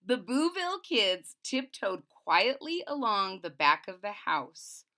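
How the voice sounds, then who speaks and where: A woman reading a picture book aloud to children, pausing to explain the story. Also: mid-range voice, very animated, pushed and bright. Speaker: storybook reader.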